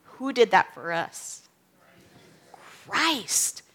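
A woman's voice: mid-range voice, sing-song, drawn-out words, a bit bright, breathy edge. A woman teaching from the Bible in a casual way, often checking in with "okay?" and "right?". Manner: reads scripture aloud with emphasis, then explains casually with "okay?" and "right?".

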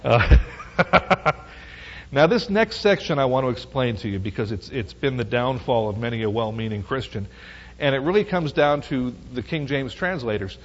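This middle-aged man leads a Bible study in a conversational style, his medium-pitched voice expressive and at a normal pace. He often asks listeners rhetorical questions, checking whether they follow. The recording is muffled and lo-fi, with a long hall reverb.

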